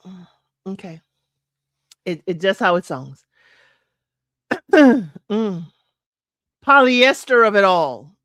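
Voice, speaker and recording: A woman's voice: medium pitch, big pitch swings, slow, pauses often, a bit bright, no room sound, clean studio sound. A woman hosting a casual solo talk show, chatting to listeners as y'all and breaking into sung lyrics. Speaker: podcast host.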